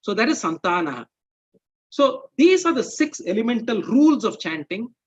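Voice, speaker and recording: Higher-voiced man giving a measured talk. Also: very animated, husky, muffled recording. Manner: measured, explaining with rhetorical checks like "okay?" and "right?". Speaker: presenter. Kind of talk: explanatory talk.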